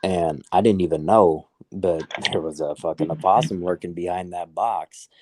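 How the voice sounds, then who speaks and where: A man's voice: sits low, normal speed, background noise. A man co-hosting a casual podcast, telling a heated story full of swearing. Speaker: podcast co-host. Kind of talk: casual chat.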